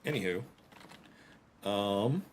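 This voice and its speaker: Man, game streamer, low voice, bouncy animated pitch, rambling self-deprecating chatter. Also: very slow, slight background noise. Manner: rambling, self-deprecating, joking asides to chat. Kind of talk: casual gameplay commentary.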